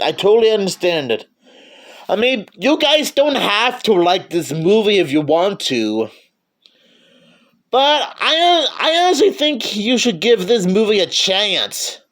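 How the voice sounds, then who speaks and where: A man giving a casual movie review, stammering and often restarting his sentences. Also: high voice.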